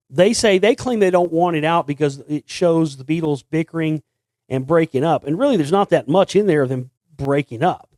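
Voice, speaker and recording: A man with a slightly high voice talks on and on in a loose monologue, stumbling over restarts and doubling back on his words. The sound is dry and close, with no room around it. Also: darkish tone, no room sound. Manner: rambling, many restarts, sings snippets. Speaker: host. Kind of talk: casual monologue.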